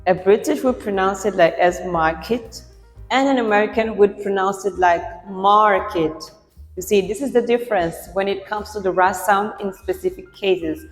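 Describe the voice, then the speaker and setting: A woman pronunciation teacher talks through a lesson in a clear explanatory way, patiently repeating example words so learners can compare them. Her voice sits in a roomy space with a long reverb tail, and faint music plays underneath. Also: mid-range voice, a little fast, hardly any pauses, darkish tone.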